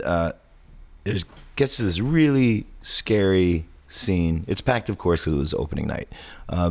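Gravelly low-voiced Midwestern man telling stories. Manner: animated anecdotes, acts out quoted shouts. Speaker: podcast host. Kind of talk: casual chat, storytelling.

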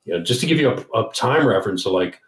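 A man's voice: fairly low pitch, fast, crowd noise. Roomy-voiced man telling band stories. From Maryland, US. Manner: rambling, animated storyteller. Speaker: guest musician. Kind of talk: casual storytelling interview.

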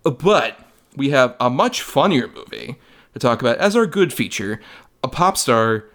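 A young man talks through a movie review on a podcast, rambling along with plenty of "like"s and casual swearing. His pitch sits at an ordinary middle height. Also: big pitch swings, measured pace, a bit bright. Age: young adult. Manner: rambling, many filler likes, swears casually. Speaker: podcast co-host. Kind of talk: casual film review chat.

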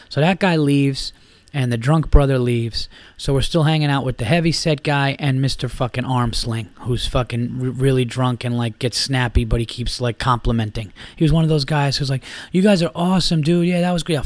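A man's voice: mid-range voice, no room sound. A man hosting a podcast and telling a bar story in a casual, rambling way, swearing often. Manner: profane, rambling, lots of fillers and restarts. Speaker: podcast host.

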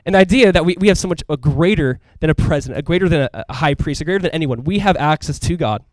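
Fast-talking, animated male pastor. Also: on the high side, dry recording. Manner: casual, conversational preaching with frequent asides; animated, emphatic delivery. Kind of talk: sermon.

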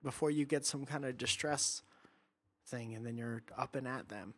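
A man's voice: medium pitch, steady tone, moderate pace, a bit bright. A man co-hosting a podcast in casual chat, rambling and jokey and laughing often. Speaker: podcast co-host.

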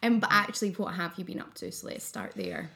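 Brief: female podcast host, relaxed friendly chat, a bit low in pitch. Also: a little fast, creaky, husky. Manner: friendly, chatty, laughs easily. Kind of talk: casual interview chat.

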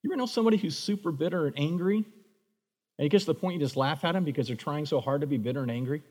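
A pastor preaches rapid-fire in a somewhat high voice, his sermon bouncing around a big hall with a long reverb. He's animated and voices the Bible figures in the story.

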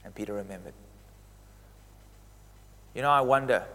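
A man preaching a sermon, retelling a scripture story expressively, with emphatic highs and hushed reflective passages. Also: moderate pace, long pauses. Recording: long hall reverb.

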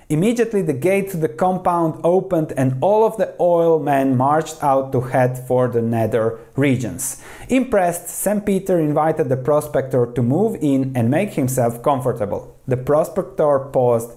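A man with a warm, mellow voice talks through investing principles, pausing to read quoted passages aloud. His delivery is steady and explanatory, with frequent small restarts as he catches a word mid-way. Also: fairly high pitch. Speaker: investing commentator.

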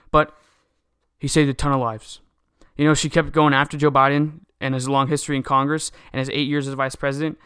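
A man's voice: on the high side, fairly bright tone, smooth, dry recording, clean studio sound. A man hosting a podcast, delivering an indignant, heated political monologue that keeps circling back to the same complaints. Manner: heated, indignant, repetitive ranting. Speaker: podcast host.

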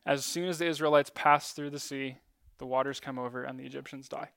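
A man's voice: medium pitch, steady tone, fairly quick, vocal fry, a bit bright, no room sound. A man preaching a casual sermon to a church gathering, talking conversationally with frequent ums and light self-deprecating asides.

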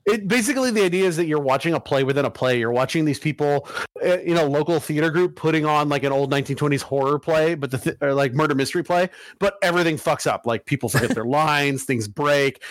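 A man on a podcast tells a story loosely and laughs often, swearing freely as he goes. His voice sits a touch high for a man. The sound is dry and close, with almost no room around it. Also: brisk, no room sound. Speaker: podcast co-host. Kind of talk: casual chat.

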